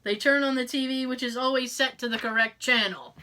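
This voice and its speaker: Boston woman cohosting a podcast, high bright voice, swears a lot and keeps laughing. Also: fairly even intonation, brisk. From Boston area. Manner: profane, laughs often, mock voices in quotes. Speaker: podcast co-host. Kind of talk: casual chat.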